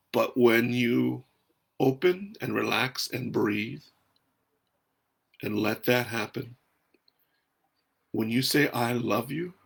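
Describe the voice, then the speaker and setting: A man with a gravelly, slightly husky voice leads a slow, unhurried breathing talk. He speaks softly and calmly from somewhere outdoors, at an ordinary middle pitch. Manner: calm, soft-spoken, unhurried. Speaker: host.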